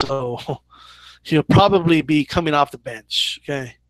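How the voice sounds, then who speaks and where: A man with a highish, fairly bright voice takes his time as he hosts a boxing channel's informal live Q&A. Loose and talkative, he fields viewer questions, leaning heavily on "like" and "right?".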